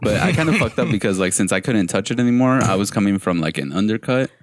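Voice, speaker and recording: A man's voice: fairly low pitch, lively intonation, fast, dry recording, clean studio sound. A man in his twenties in casual podcast banter, joking, self-mocking and swearing often. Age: 20s.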